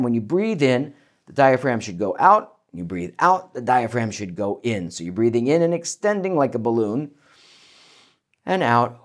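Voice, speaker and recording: A man teaching vocal warm-ups as a voice coach, with an energetic, demonstrative coaching manner. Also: mid-range voice. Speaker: voice coach and keynote speaker. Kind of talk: instructional talk to camera.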